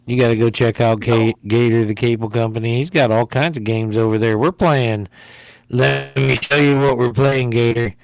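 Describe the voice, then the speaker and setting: Gravelly, rambling livestream host man. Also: medium pitch, steady tone, moderate pace. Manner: rambling, jokey, repeats himself. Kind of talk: casual livestream chat.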